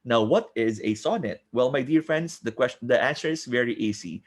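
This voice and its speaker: A man's voice: medium pitch, lively intonation, fairly quick. Young Filipino male lecturer, conversational and encouraging, mixes in rhetorical questions. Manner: switches between English and Tagalog, poses questions to himself, says "my dear friends". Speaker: exam review lecturer. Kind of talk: informal review lecture.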